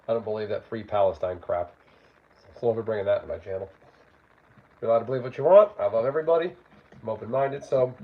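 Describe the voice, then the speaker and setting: A man's voice: mid-range voice, muffled recording, noisy background. A man hosting a casual cooking livestream from his home kitchen, rambling and reading out chat. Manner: rambling, chatty, reads out chat. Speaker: livestream host. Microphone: phone.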